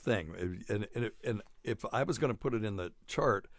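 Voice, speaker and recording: Joking man with a low, dry voice. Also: lively intonation, normal speed, no room sound. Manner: joking, rambling, laughs often. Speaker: podcast host, doctor. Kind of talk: casual chat.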